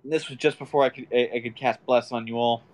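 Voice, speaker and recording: A man playing a tabletop role-playing game, matter-of-fact and quick to correct the rules. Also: medium pitch, steady tone, a little mellow, slight background noise. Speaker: player.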